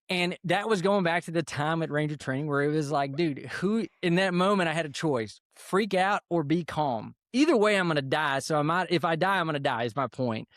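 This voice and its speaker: A man, an army veteran guest on a podcast, calmly telling a story in a relaxed, unhurried way. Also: a little high, no room sound, studio quality. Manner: calm, unhurried storyteller with fillers. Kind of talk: casual storytelling interview.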